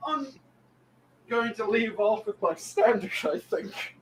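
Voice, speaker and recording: A high-voiced man hosts a casual podcast, with dry, sardonic and wordy delivery. A faint hiss sits under the recording. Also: expressive, takes it slowly, low-quality recording. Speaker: show host.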